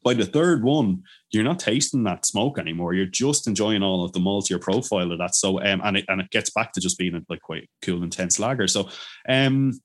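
Male interview guest with a lowish voice, keen storyteller, rambling and animated. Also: brisk. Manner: enthusiastic storyteller, many fillers and restarts, animated quoted voices. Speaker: brewery owner, guest. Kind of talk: casual interview chat.

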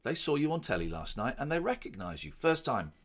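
A man chatting casually about his old comedy show, animated and given to silly voices. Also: a little high, brisk, gravelly. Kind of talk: casual chat.

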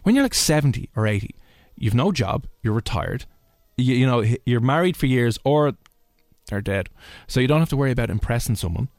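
A man's voice: medium pitch, expressive, fairly quick, a little mellow, no room sound, clean studio sound. A man with a Dublin Irish accent, hosting a casual radio chat and telling stories in a chatty way. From Ireland. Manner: chatty storyteller, mimics people he describes. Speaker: radio host.

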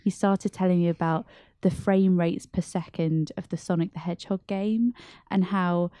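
A woman's voice: fairly low pitch, steady tone, moderate pace, mellow, no room sound, clean studio sound. Laughing woman podcast co-host. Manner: laughs often, tells anecdotes. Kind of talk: casual chat.

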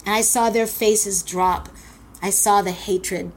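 A woman from Queens, telling a personal story in a blunt, animated way and swearing freely. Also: medium pitch, slow pace, slight background noise. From Queens, New York.

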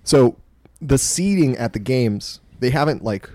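A man in loose podcast chat, joking and swearing as he walks through the results. His pitch sits in the middle range, and the mic is close and dry. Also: expressive, measured pace, a little mellow, no room sound. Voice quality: profane, joking banter. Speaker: podcast host. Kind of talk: casual chat.

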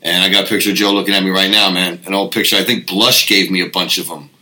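A man's voice: low voice, fairly even intonation, fast, bright, forceful tone, low-quality recording. A man who is a musician, talking laid-back in his office and ending many sentences with "man". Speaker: guest musician. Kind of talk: casual chat.

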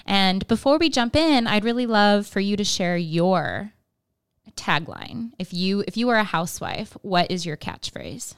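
A woman's voice: mid-range voice, sing-song, a little slow, clear, resonant tone, no room sound, clean studio sound. A woman hosting a podcast who runs a game segment, organized and encouraging as she explains the rules. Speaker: podcast host.

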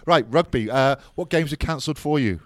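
A man co-hosting a sports podcast, chatting casually with jokey banter and relaxed rugby analysis. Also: mid-range voice, normal speed, a little hiss or hum. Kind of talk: casual chat.

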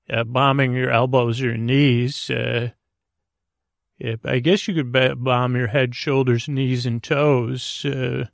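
A man hosting a bedtime podcast, rambling through a meandering intro in a soft, drowsy, creaky voice. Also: mid-range voice, no room sound, clean studio sound. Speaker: podcast host.

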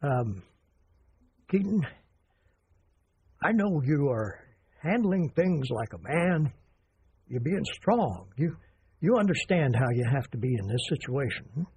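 A stern old grandfather, played by a man, speaks in a raspy voice that rises and falls a lot. He sets rules in a firm, lecturing tone, pausing and restarting as he goes. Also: fairly high pitch, very animated, a little mellow, full character voice. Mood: gentle. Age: older. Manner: halting, then firm and lecturing.

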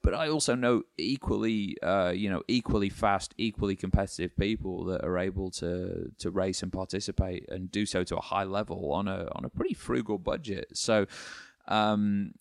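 A man's voice: low-pitched, moderate pace, creaky, hardly any pauses, dry recording, clean studio sound. A man co-hosting a podcast, chatting casually and sarcastically, rambling with many restarts. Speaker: podcast co-host. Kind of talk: casual chat.

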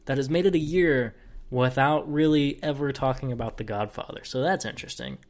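Young guy on a film podcast, excited, casual swearing, middle voice. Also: mid-range voice, fairly quick. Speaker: podcast co-host. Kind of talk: casual chat.

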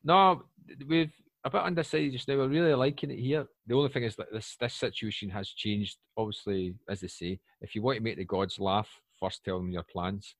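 Lively Scottish man with a low voice. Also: a little fast, dry recording. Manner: animated storyteller, bursts up loudly for asides. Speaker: guest. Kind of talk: casual podcast chat.

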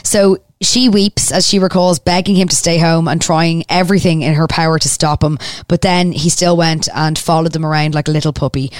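An Irish woman co-hosts a podcast, recapping a TV episode in loose, chatty storytelling and swearing casually along the way. Her voice sits on the low side for a woman. The recording is dry and close. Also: steady tone, a little fast, hardly any pauses, dry recording. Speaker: podcast co-host.

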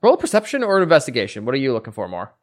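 A man's voice: medium pitch, wildly swooping pitch, racing. A man narrating a tabletop role-playing game as game master, building scenes with dramatic repetition.

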